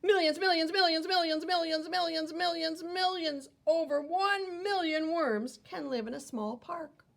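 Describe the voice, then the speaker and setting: A woman's voice: high voice, big pitch swings, takes it slowly, fairly bright tone, pitched above the performer's own voice, heavily acted. A woman voicing a small, friendly male earthworm while reading a picture book aloud. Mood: cheerful.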